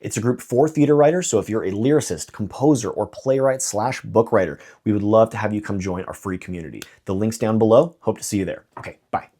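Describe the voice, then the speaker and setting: A man explaining songwriting in a clear video lesson, with dry joking asides. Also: lowish voice, quick pace, hardly any pauses, mellow. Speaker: songwriting teacher.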